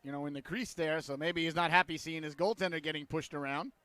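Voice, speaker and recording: Hoarse, jokey hockey announcer, a bright-voiced man. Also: fairly high pitch, fast talker, no room sound. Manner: rambling, jokey asides between calls, rising to loud excitement on goals and saves. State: hoarse throat, clearing it. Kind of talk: live sports commentary.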